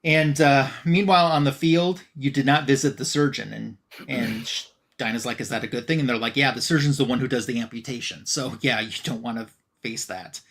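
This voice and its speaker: A man's voice: mid-range voice, a little fast, a bit bright. Casual man recapping a comic aloud. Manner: retelling a comic plot with loose quoted dialogue, many fillers. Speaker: podcast co-host.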